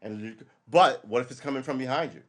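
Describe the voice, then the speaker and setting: Rambling, profane middle-aged man. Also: medium pitch. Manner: rambling and profane, acts out quick imagined dialogue. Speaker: live stream host. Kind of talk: casual live commentary, reacting to a news article.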